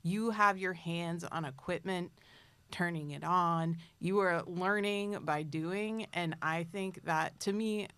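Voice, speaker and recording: A woman's voice: lowish voice, takes it slowly, fairly bright tone, clean tone, no room sound. A woman working as a community media director, talking in an earnest, enthusiastic way in a small studio. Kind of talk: casual chat.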